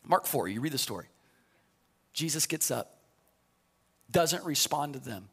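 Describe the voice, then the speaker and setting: A man preaching a sermon as pastor, telling the story in a conversational way, often repeating words as he starts sentences, and building to shouted, rising preaching. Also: a little high, lively intonation, unhurried, creaky, husky.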